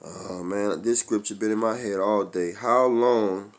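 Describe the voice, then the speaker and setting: A man's voice: fairly even intonation, a little slow, creaky. Profane, fiery male street preacher. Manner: profane and confrontational, swings from loud outbursts to low muttering. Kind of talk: fiery religious rant.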